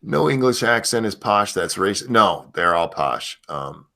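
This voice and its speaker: A man's voice: fairly low pitch, sing-song, a little slow, creaky, pushed and bright. An American man chatting casually on a stream, teasing and laid-back, often calling people "man". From United States. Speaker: co-host. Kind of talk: casual chat.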